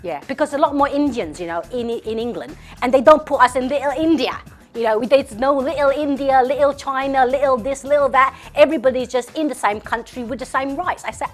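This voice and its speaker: A woman's voice: high-pitched, voice pushed up. A woman voicing a tough, brash young woman who talks in a mouthy, slangy way, as a comic character sketch.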